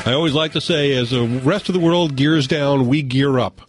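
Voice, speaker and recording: A man with a St. hosting a radio show, teasing his guests with dry, quick asides. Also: a little high, music in the background. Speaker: radio host. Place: radio studio.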